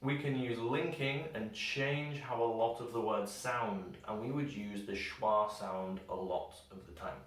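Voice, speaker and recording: A man teaching English pronunciation, slowing down and stretching words to show each sound. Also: fairly low pitch, fairly even intonation, distant mic. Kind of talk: pronunciation lesson. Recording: very echoey room, voice set back from the mic.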